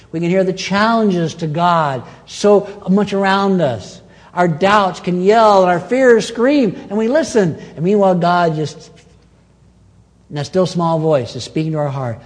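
A man preaching a sermon as pastor, with dramatic swings between loud and soft and quick and slow. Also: sits high, long reverb tail. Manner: animated preaching with dramatic swings in loudness and pace.

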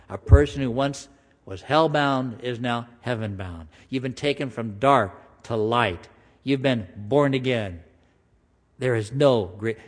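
A man preaching a sermon in a conversational style, slowing down for emphasis and acting out voices. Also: mid-range voice. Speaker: pastor. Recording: long hall reverb.

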